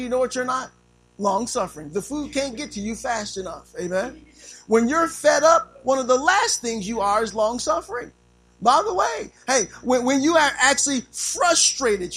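A man preaching a sermon, animated, using call-and-response and acting out little scenes. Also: very high-pitched, poor audio. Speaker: pastor.

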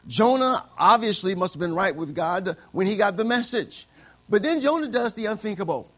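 A preacher delivers his sermon in a high voice, asking for amens again and again. He keeps it conversational and slips into quick voices for his anecdotes. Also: animated, a bit bright. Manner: call-and-response preaching, frequent amens, acts out voices in anecdotes. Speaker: pastor.

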